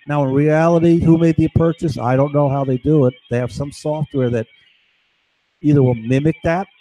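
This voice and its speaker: A man's voice: fairly high pitch, fairly even intonation, normal speed, dark tone, no room sound, poor audio. A man talking in a rambling, conspiratorial monologue to camera, acting out other people's voices as he goes. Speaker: vlogger.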